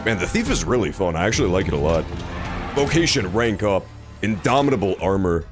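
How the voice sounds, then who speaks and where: A male game streamer with a low voice that swings widely in pitch as he jokes and reacts sarcastically. Game music plays clearly under his talk. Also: quick pace. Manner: joking, sarcastic, animated reactions. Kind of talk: casual gameplay commentary.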